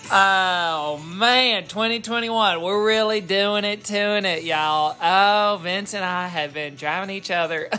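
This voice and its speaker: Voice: mid-range voice, pushed and bright. A performer putting on a famous singer's persona to announce a podcast outro, brash and rambling, swearing freely. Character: an over-the-top impression of a famous Christian pop singer. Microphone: home studio mic made to sound like a phone memo.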